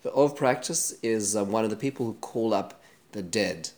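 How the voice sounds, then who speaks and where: A man's voice: lowish voice, normal speed, darkish tone. A man teaching a Torah study lesson, retelling a Bible story in a conversational way with Hebrew terms and frequent restarts.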